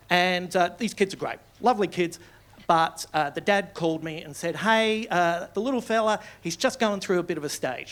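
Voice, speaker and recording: An Australian man performing a stand-up comedy set on a club stage, rambling and swearing freely, building to loud outbursts. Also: high voice.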